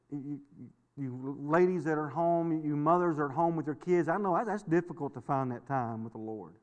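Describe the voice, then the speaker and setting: A middle-aged male pastor with a slightly high, clean-toned voice delivers a sermon with long hall reverb. He preaches folksily through stories, repeating words and laughing often.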